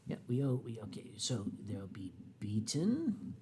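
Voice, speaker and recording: A man's voice: mid-range voice, huge pitch swings, normal speed, mellow, slightly rough. A man hosting a livestream, tipsy from sake, chatting casually and chuckling as he reads out viewer messages and donations. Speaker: livestream host. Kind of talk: casual chat.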